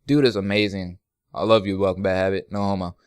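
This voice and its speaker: A young man chats through fan questions in a loose, joking way, laughing often as he goes. His voice sounds smooth and clear, recorded close with a dry, dead sound. He rambles easily from one answer to the next. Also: low voice, flat delivery, quick pace, a little mellow, no echo. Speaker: YouTube gaming channel host. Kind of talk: casual Q&A vlog.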